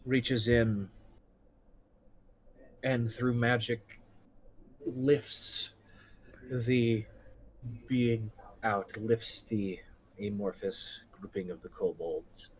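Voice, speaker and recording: A man narrating a tabletop game as game master, describing the scene slowly. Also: on the low side, fairly even intonation, slight background noise, low-quality recording. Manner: slow, drawn-out descriptive narration.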